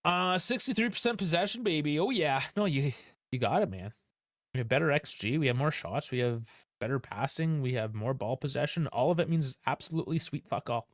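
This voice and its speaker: A man's voice: fairly high pitch, expressive, brisk, dry recording, clean studio sound. A man hosting a live football stream, talking in a casual, frustrated and sarcastic way, with plenty of swearing. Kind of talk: casual live-stream post-match rant.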